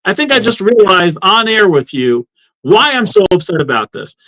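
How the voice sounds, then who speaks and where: A man's voice: high voice, sing-song, moderate pace, bright, forceful tone, poor audio. A man guesting on a talk show as a law professor, speaking in an indignant, impassioned way. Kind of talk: heated talk-show discussion.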